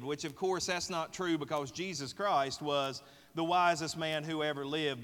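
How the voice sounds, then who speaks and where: A Southern man delivers a sermon in a folksy, joking way, often asking the congregation questions. His voice is bright and a bit high. A long reverb from the church hall trails behind his words. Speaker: pastor. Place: church sanctuary.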